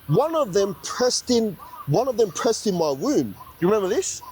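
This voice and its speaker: A man calmly recounting a personal story in a matter-of-fact way. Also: normal speed, a little hiss or hum. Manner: low-key, matter-of-fact telling. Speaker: storyteller in an interview clip.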